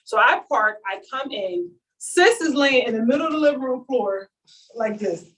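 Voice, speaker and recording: A woman telling a story to a live audience in an animated, comic way, acting out what each person said. Her voice sits a bit high. She is picked up by a mic some way off at the event. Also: moderate pace, far from the mic, poor audio. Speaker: speaker at a launch event.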